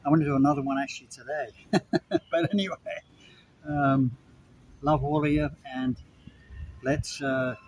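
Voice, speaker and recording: A man's voice: medium pitch, steady tone, moderate pace, pauses often, slight background noise, low-quality recording. A man from Britain, casually ranting to camera in a vlog. He rambles and repeats himself as he talks straight to his viewers. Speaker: vlogger. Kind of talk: casual evening rant to camera. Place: Puerto Vallarta, Mexico.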